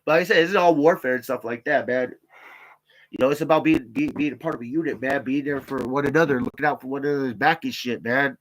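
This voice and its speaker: A middle-aged American army veteran rambles through stories at a quick pace and medium pitch. His casual monologue is profane, and he stammers and laughs often.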